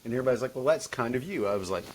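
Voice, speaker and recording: A man chats loosely about his writing as a podcast guest. He rambles, circles back and restarts his sentences often, at an everyday middle pitch. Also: expressive, very fast, a little hiss or hum. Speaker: guest author. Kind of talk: casual podcast chat.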